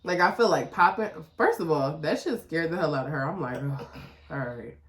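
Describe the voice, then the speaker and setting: A woman's voice: lively intonation, fairly quick. A woman co-hosting a podcast with a Detroit accent, chatting candidly and with a lot of profanity, often laughing. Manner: candid, profane, laughing often, imitates her child in a high voice. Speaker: podcast co-host. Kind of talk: casual chat. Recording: echoey room.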